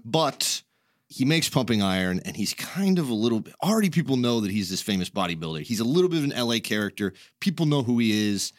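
A man's voice: medium pitch, sing-song, fast, dry recording. Rambling laughing man, dry close sound. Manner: rambling, laughs often, swears casually. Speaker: podcast host. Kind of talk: casual chat.

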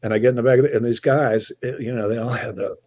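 An older man, a musician, telling a rambling, animated anecdote in a casual chat. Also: medium pitch, fast, dry recording. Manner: rambling, animated storytelling with restarts and chuckles. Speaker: musician guest.

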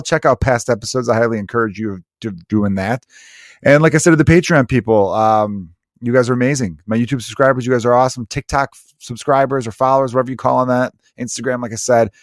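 A man who is a comedian hosting his own podcast, telling stories in an animated, profane way with frequent laughter. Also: mid-range voice, dry recording, clean studio sound. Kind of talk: casual comedic podcast monologue.

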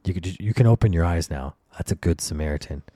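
A man's voice: low-pitched, expressive, fast talker, warm tone, dry recording, clean studio sound. A young man hosting a podcast, telling a comedic story as a profane, exasperated rant and acting out the voices of the people in it. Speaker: podcast host. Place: at home.

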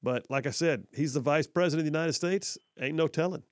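A man's voice: on the high side, fast talker, dry recording. A man hosting a casual talk radio show, chatty and full of fillers. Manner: chatty, hesitant with many fillers.

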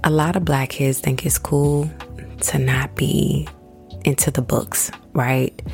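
A woman in her thirties tells a personal story in a relaxed, chatty way. Her voice sits low and has a gravelly edge, and she often drops into a hushed near-whisper. Soft music plays faintly underneath. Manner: conversational, addresses listeners as y'all, acts out quoted voices.

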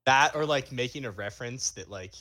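A man's voice: medium pitch, brisk, pushed and bright. A young man co-hosting a podcast, laid-back and laughing often in casual chat. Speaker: podcast co-host.

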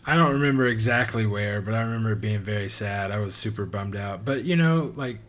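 Guy in his thirties co-hosting a podcast, bright voice, lively and swears a lot. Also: fairly low pitch, a little fast. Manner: animated, swearing, bursts into sung and acted bits. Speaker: podcast co-host. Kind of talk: casual chat.

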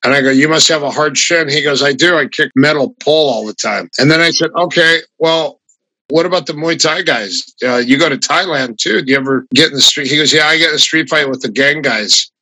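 Bright-toned man telling stories. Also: a little high, a little fast, no room sound, low-quality recording. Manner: animated, raises his voice when quoting others. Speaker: martial arts guest. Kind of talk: casual anecdotal storytelling.

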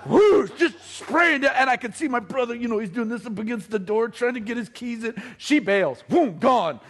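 A man's voice: extremely high pitch, normal speed. A middle-aged man telling a comic family story to an audience, acting out the voices of his relatives. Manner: animated, acts out family members' voices.

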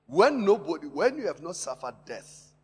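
Husky, animated preacher man in a reverberant church. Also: a little high, normal speed. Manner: impassioned preaching with sharp rises and drops in loudness; repeats words and phrases for emphasis. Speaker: pastor. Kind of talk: sermon. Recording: long hall reverb in a church.

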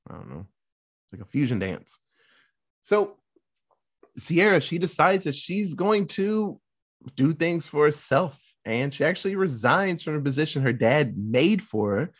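Animated man retelling a movie. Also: on the high side. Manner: animated storytelling, swearing, mock quoting characters. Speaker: podcast co-host recapping a film. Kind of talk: casual chat.

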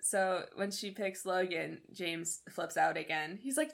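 Bright-voiced woman recapping with laughs. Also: on the low side, measured pace, vocal fry. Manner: animated, laughs often, acts out quotes. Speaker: podcast co-host. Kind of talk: casual chat recapping a TV episode.

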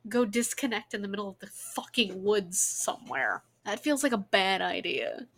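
A woman giving casual, sarcastic running commentary on a film she is watching with a friend. She swears freely and talks in an animated way. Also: medium pitch, moderate pace, slight background noise. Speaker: co-host reacting to a film.

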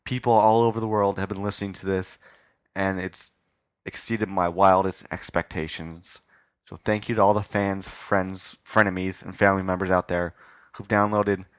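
A man's voice: low voice, a bit bright, no room sound. A man hosting his own podcast, talking in a rambling, self-mocking way with filler words, live on a stage. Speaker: podcast host. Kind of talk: casual live interview. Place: live stage before an audience.

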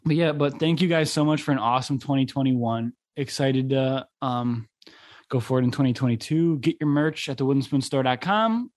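A man's voice: medium pitch, moderate pace, no room sound. Casual young man from upstate New York. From Buffalo area, New York. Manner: rambling, lots of "like" fillers, profane. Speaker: podcast host. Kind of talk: casual chat.

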